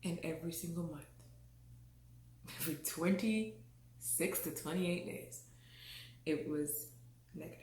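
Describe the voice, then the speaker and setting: A woman's voice: deep voice, unhurried, long pauses, darkish tone, slight background noise. A woman from the Caribbean telling her own story frankly and expressively, laughing often and acting out what people said. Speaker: vlogger. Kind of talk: candid personal storytelling. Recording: echoey room.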